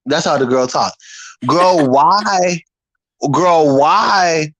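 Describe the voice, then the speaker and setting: A man telling a story to the camera in a casual, animated and profane way, full of slang. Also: fairly high pitch, very slow, dry recording, rough recording. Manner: animated, profane, slangy and talking straight to the viewer. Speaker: storyteller vlogger.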